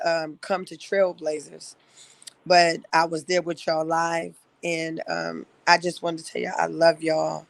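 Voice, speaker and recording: A woman in her fifties giving an earnest, halting personal testimony to her church. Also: lowish voice, no echo. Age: 50s. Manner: earnest, halting, with frequent pauses. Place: livestreamed church gathering.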